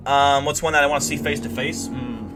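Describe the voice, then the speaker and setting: Young man, livestream host, deadpan bragging stories, rambling, guitar music behind. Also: mid-range voice, brisk. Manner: deadpan boastful tall tales, rambling with fillers. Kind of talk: comedic in-character livestream storytelling.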